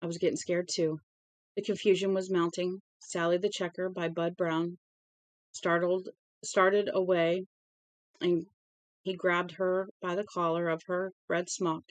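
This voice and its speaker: A woman's voice: lowish voice, flat delivery, unhurried, no room sound. A woman casually reading a novel aloud at home, now and then stumbling over words and correcting herself. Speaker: storybook reader.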